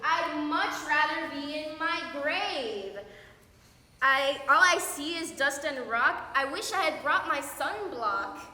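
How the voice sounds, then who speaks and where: A woman's voice: high-pitched, lively intonation, slow pace, pushed and bright, heavily acted. A woman singing as a sulky trudging wanderer. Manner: sulky, grumbling. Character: grumbling weary wanderer woman. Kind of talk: stage musical solo. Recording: echoey hall.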